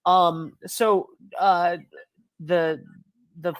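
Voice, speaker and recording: A man with a high voice puts a question to his guests in a relaxed conversation. He stops and restarts as he searches for the words. The sound is dry and close. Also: extremely slow, no room sound. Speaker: interviewer.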